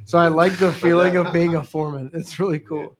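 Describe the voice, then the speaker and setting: A young man in casual chat, telling work stories with profanity and loud acted quotes. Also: a little high, level tone, brisk. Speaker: podcast guest.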